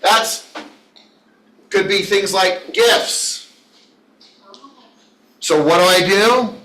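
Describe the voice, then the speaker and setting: In an echoey training room, a man gives a motivational business training talk in a high-pitched, bright, forceful voice, drawing out his words. He's enthusiastic and rambling, and he addresses listeners by name.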